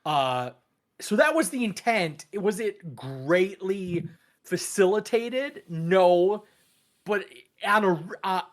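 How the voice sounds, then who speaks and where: A man co-hosting a movie podcast, speaking in a measured, thoughtful way with many hesitations. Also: high voice, lively intonation. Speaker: podcast co-host. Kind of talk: casual movie discussion.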